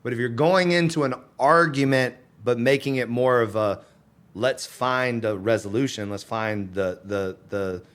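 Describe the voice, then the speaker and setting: A man's voice: mid-range voice, unhurried. A man in his thirties, a guest on a podcast, talking casually and acting out quoted lines with laughs. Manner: animated, acts out quoted voices with laughs. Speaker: podcast guest, fitness entrepreneur.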